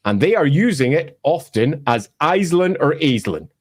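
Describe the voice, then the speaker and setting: Animated Scottish man explaining lore. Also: a little high, moderate pace. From Scotland. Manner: emphatic, wry, bursts into mock voices. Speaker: lore presenter.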